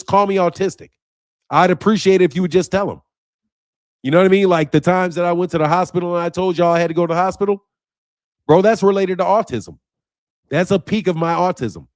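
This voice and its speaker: Studio-quality and dry, this recording features a boxing channel's host, a man with a high-pitched voice, delivering an offhand monologue to camera. He repeats himself for emphasis, swears a lot, and becomes fierce and combative.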